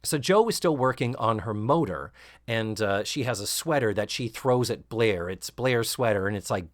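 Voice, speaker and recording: A man hosting a podcast, recapping a sitcom episode casually and sarcastically, acting out quoted lines in higher voices. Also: normal speed, no echo, clean studio sound. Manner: animated, sarcastic, acts out quotes with rising shrieks. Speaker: podcast host.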